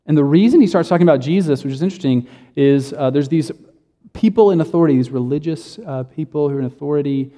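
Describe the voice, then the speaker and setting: A man's voice: fairly high pitch, fast, dark tone, in a large hall. A man preaching a sermon, praying, then telling a made-up story in a casual, joking, self-correcting way. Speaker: pastor.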